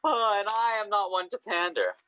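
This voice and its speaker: An actor playing a rebellious young adult in an amateur comedy sketch, with a sarcastic deadpan. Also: medium pitch, normal speed, a little hiss or hum. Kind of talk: amateur comedy sketch over video call.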